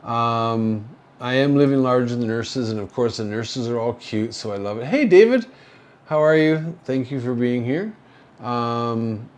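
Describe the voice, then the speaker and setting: A man from Canada hosting a casual livestream from a hospital room, rambling slowly with many fillers, drowsy and slurring from painkillers. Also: mid-range voice, darkish tone. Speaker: livestream host. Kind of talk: casual livestream chat reading viewer comments.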